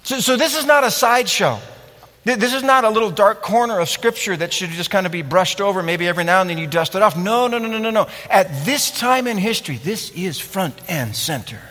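A man preaching a sermon in an animated way, acting out scenes and asking his listeners questions. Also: high voice, a little fast, long reverb tail. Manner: animated, acts out scenes and asks the audience questions. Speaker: pastor.

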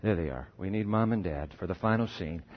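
A man preaching a sermon in a lively, conversational way, often asking his listeners questions. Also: low-pitched, fairly quick. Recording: dull muffled recording.

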